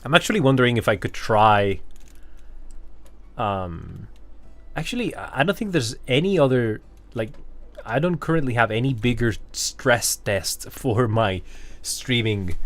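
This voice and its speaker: A man's voice: lowish voice, lively intonation, unhurried, pauses often. A man streaming a game, chatting casually with viewers and thinking aloud, rambling with fillers. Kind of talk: casual live-stream chat while gaming.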